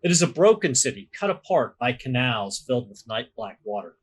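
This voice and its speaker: A man narrating a tabletop game as game master, describing scenes in a measured storytelling manner. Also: medium pitch, big pitch swings, husky.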